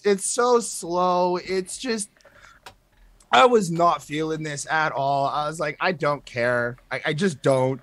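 A man's voice: on the high side, a little slow, a bit bright. A young man co-hosting a casual music review chat, blunt and emphatic, often restarting his sentences. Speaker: podcast co-host reviewing music.

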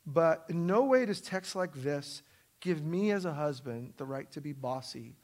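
A middle-aged man preaching a sermon in a church, emphatic and self-deprecating, swinging from loud stresses to soft asides. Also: on the high side, animated, a little slow. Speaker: pastor. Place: church sanctuary.

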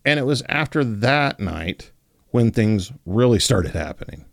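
A man hosting a podcast, telling a story in a relaxed, casual way with lots of filler words. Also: medium pitch, unhurried, vocal fry, no room sound, clean studio sound. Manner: relaxed, many fillers like 'like' and 'you know'. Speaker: podcast host.

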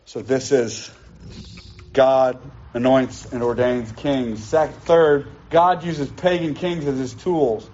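A man's voice: medium pitch, steady tone, slow, a little mellow, slight background noise. A man preaching a sermon as pastor, emphatic and teaching, repeating his key points. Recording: dull lo-fi sound.

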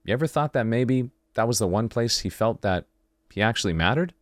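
A man's voice: mid-range voice, a little fast, no room sound, clean studio sound. A man hosting a podcast, talking through a reflective late-night monologue and acting out the conversations he describes. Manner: animated storyteller, acting out dialogue. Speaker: podcast host.

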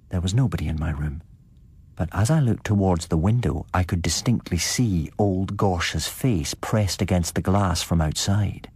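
A man tells a gothic tale in a measured, scripted narration. His voice sits very low with a husky grain, and the recording is dry and close to the mic. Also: a little mellow, dry recording.

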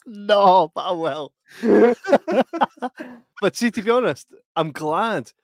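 A man's voice: high voice, extremely slow, no room sound, clean studio sound. A Scottish man in his thirties co-hosting a podcast, telling stories in casual chat, swearing and laughing often. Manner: sweary, laughing, animated storytelling. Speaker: podcast co-host.

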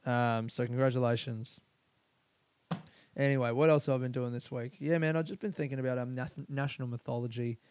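A man's voice: medium pitch, steady tone, brisk, darkish tone, a little hiss or hum. A young Australian man hosting his own podcast alone, rambling in a crude, profane, offhand way. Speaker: podcast host. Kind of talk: solo casual podcast monologue.

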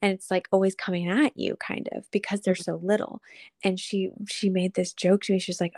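Gravelly 30s woman, chatty storyteller on a podcast, says like a lot, dry mic. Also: lowish voice, moderate pace, no room sound. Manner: animated storyteller, chatty, lots of "like". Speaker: podcast co-host. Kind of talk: casual chat.

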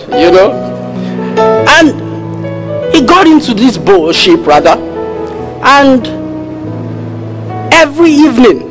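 A man preaching a sermon as a pastor, telling stories and acting out the dialogue of their characters with animated pitch jumps. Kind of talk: sermon storytelling.

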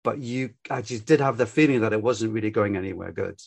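Speaking fast in a fairly low, slightly rough voice with vocal fry, an older man with a light Glaswegian Scottish accent tells stories as an interview guest. His talk is casual and reflective, meandering into anecdotes.

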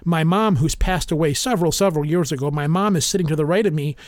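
A man's voice: a little high, fast, dry recording. A middle-aged man telling a story in casual chat, acting out the voices of the people in it. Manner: animated, acts out quotes in a raised voice.

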